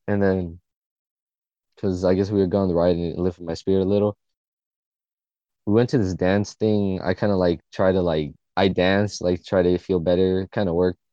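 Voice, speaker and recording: His voice sits low and dark, captured without room sound and with the highs cut off. He's a late-teen podcast co-host telling an emotional tale in a rambling, profane way, heavy on fillers.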